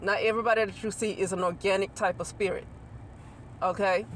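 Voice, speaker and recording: A woman's voice: medium pitch, fairly even intonation, a little fast, a little hiss or hum. Rambling woman musing on spirituality. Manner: rambling, repeats and restarts phrases, asks listeners to agree. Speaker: channel host. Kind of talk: casual spiritual monologue to camera.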